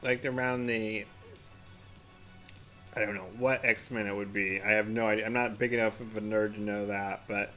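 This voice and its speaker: A man's voice: fairly low pitch, little pitch movement, normal speed, a bit bright, soft background music. A man eating chili as he scrolls his feed, rambling, giggling and trailing off mid-sentence. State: eyes watering from spicy food. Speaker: vlogger. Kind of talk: casual commentary while eating.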